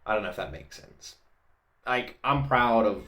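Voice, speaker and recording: Emotional man in a roomy room. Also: on the low side. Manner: excitable, openly emotional, talks in quick bursts and repeats himself. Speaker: reaction video host. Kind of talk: emotional reaction commentary. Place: home room.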